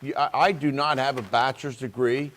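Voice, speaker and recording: A man's voice: mid-range voice, steady tone, a little fast, fairly bright tone. A man from Pennsylvania, a state representative, talking casually on a talk show in an earnest way, with many restarts.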